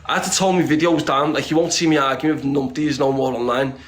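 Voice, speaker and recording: In a steady, medium-pitched voice, a fast-talking interview guest chats casually and bluntly, streetwise and full of swearing. He rambles with many restarts and keeps dropping the word "lad."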